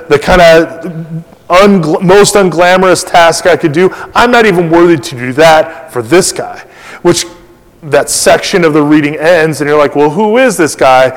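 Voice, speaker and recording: A middle-aged man preaching a sermon as pastor, chatty and conversational, full of fillers and restarts, acting out quotes with animation. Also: on the high side. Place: church sanctuary. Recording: long reverb of a church hall.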